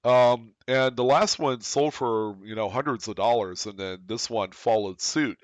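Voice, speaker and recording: A man hosting a casual coin collecting market report, talking straight to his viewers in an excited, emphatic way. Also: medium pitch, measured pace, no echo. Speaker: coin collecting channel host.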